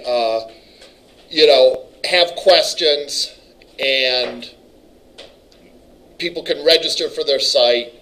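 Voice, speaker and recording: A man's voice: medium pitch, pushed and bright, a little hiss or hum, poor audio. Casual rambling male college lecturer. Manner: rambling, casual, self-interrupting. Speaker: college instructor. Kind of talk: classroom lecture.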